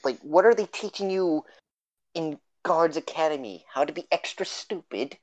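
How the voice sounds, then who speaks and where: A woman's voice: deep voice, animated, moderate pace, a little mellow, low-quality recording. A woman playing a tabletop game, talking in character in a sarcastic, exasperated way. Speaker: player.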